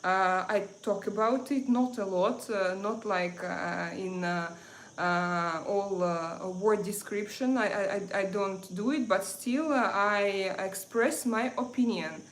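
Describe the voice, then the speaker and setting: A woman's voice: mid-range voice, slow, reverberant, slight background noise. A woman from Russia with a Russian accent, hosting a makeup livestream in casual chat, hesitant with many fillers and restarts. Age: 30s or 40s. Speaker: beauty livestream host.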